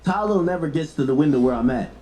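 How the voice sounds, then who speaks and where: A man telling a story in an excitable way, acting out the lines of others with sudden jumps in pitch. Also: fast, reverberant, poor audio. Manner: excitable, acts out dialogue with sharp jumps in pitch. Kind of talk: animated storytelling on a clip.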